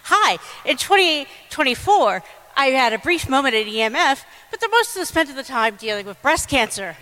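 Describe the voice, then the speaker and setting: A woman giving a fast, comic lightning talk on stage, blunt and irreverent. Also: high voice, sing-song, sharp tone. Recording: reverberant hall over a PA.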